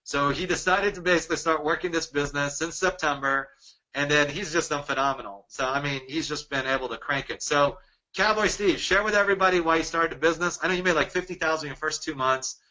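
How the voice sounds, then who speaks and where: A man from Dallas presenting a sales webinar, energetic and persuasive, firing off rhetorical questions. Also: on the high side, fast talker, poor audio. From Dallas, Texas.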